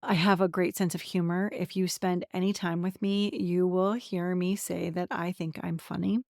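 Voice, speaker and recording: Here a somatic transformation coach in her forties, from central Pennsylvania, talks candidly about herself on her own podcast, often laughing. Her gravelly, fairly low voice has a darkish tone, a level delivery and a moderate pace, captured in a dry, studio-quality recording.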